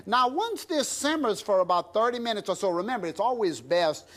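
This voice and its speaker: On a TV cooking show, a middle-aged chef with a South Louisiana accent demonstrates a recipe while chatting folksily with the audience. His voice is high, very animated, a bit bright, and fairly quick.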